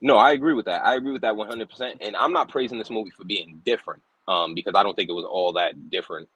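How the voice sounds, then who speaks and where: Man, husky voice, quick talker, podcast co-host, argumentative. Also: on the low side, fairly bright tone, rough recording. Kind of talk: casual chat.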